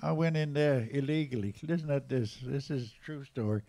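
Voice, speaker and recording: A man in his eighties with an English accent, casually telling jazz stories at a live museum event, lively and animated in his retelling. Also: medium pitch, a little fast, creaky. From England. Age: 80s. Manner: lively, animated retelling with raised voices for quotes. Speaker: jazz drummer and storyteller guest. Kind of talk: casual anecdotal storytelling.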